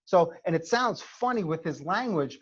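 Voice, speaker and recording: Animated middle-aged New man on a call. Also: on the high side, normal speed, husky. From New York. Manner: animated storyteller, frequent "okay?" check-ins. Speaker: Army recruiting advisor, former first sergeant. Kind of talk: conversational seminar talk. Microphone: video call. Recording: lo-fi video call audio.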